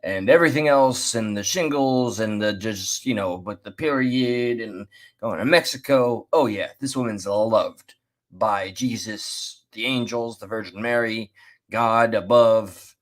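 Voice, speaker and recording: A man casually commenting while reacting to a clip, chatty and rambling, with restarts. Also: on the low side. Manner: chatty, laughs and restarts, drawn-out asides. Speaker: commentary host.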